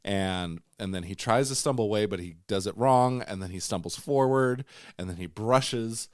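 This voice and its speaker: A man's voice: on the low side, normal speed, dry recording, studio quality. A man co-hosting a podcast, casually and playfully retelling a story and putting on mock voices for the character. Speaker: podcast co-host.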